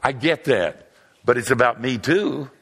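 Animated older man preaching in a hall. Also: mid-range voice, measured pace, gravelly, breathy edge. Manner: animated storytelling, joking with the crowd. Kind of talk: humorous sermon. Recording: long hall reverb.

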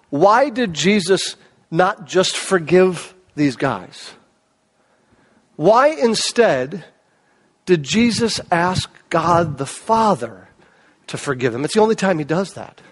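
A man with a fairly high voice delivers a sermon as a pastor. He talks in an easy, conversational way and keeps asking rhetorical questions. His delivery swings between louder, lifted passages and quieter, lower ones.

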